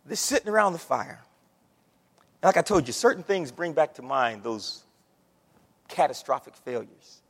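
A man's voice: fairly high pitch, sing-song, normal speed, creaky, pauses often, fairly bright tone, breathy edge, big-room sound. A man preaching a sermon in a conversational way, calling out to the congregation. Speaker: pastor.

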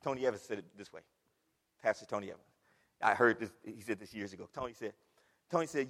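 A man's voice: fairly low pitch, lively intonation, fast talker, pauses often, fairly bright tone. A man preaching a sermon from the pulpit, emphatic, repeating words and firing rhetorical questions at the congregation. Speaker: pastor. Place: church sanctuary. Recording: long hall reverb.

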